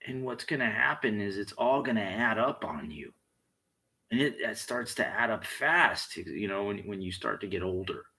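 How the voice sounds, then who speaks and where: A man's voice: fairly low pitch, expressive, normal speed, vocal fry, pushed and bright, slightly rough, rough recording. A man delivering a blunt, heated monologue full of swearing. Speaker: vlogger. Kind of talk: profane monologue rant.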